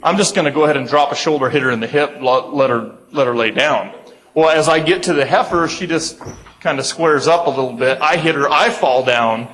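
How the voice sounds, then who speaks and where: A young man from the United States speaking at a conference, telling a funny farm story with lively, acted-out voices for his family. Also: a little high, a little fast, poor audio. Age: young adult. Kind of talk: humorous storytelling to an audience.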